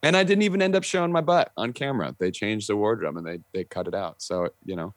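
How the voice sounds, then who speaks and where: A low-voiced young man chatting as a podcast guest, animated and quick to act out what people said. He fills his stories with "like" and casual swearing. The sound is dry and close. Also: dry recording. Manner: animated storyteller, acting out quotes, frequent "like" and swearing. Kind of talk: casual chat, storytelling.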